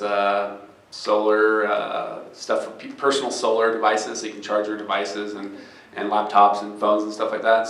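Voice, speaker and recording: A man's voice: lowish voice, fairly bright tone. A man who founded a startup speaks earnestly to a live event audience. He tells a story with many restarts. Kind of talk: live fireside chat. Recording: echoey room.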